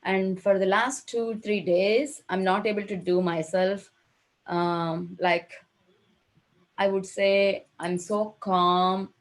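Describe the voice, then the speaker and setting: A woman on a video call sharing her experience with a program, halting and emotional, with many fillers and restarts. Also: mid-range voice, steady tone. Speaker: program participant.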